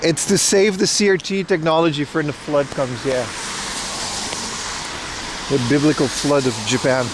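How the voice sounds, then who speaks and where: Dude live streaming outside, kinda high voice, goofy rambling jokes, faint street noise behind. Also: male voice, fairly even intonation, moderate pace, long pauses. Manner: joking, rambling, playful self-mocking. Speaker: IRL livestream host. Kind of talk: casual walking livestream chat. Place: outdoors at an event in Japan.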